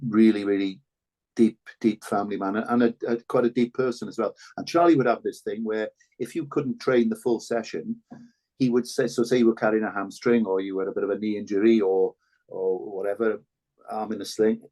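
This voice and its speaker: An older man talks as a podcast guest, recounting his past in a candid, earnest way. His voice sits fairly low and he often stops and restarts mid-sentence. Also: steady tone, brisk, warm tone. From Wales. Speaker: podcast guest, former rugby full back. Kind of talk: reflective conversational storytelling.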